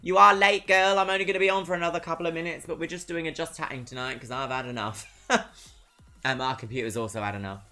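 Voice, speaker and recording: A streamer from Brighton with a southern English accent, chatting casually and reading out viewer messages, swinging between perky greetings and dry asides. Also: medium pitch, steady tone, fast talker, faint music behind. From Brighton, England. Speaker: livestreamer.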